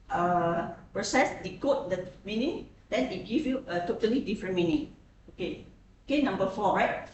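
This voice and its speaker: A woman lecturer teaching a class, who keeps checking in with her students through frequent tag questions. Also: medium pitch. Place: echoey classroom. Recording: very echoey classroom, distant mic, faint hiss.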